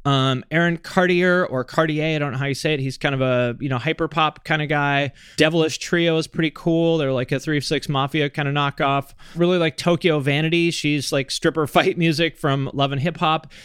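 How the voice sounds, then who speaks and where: A man hosting a podcast, answering listener questions in a relaxed, rambling way with lots of fillers. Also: fairly high pitch, normal speed, hardly any pauses, smooth, dry recording, clean studio sound. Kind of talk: casual chat.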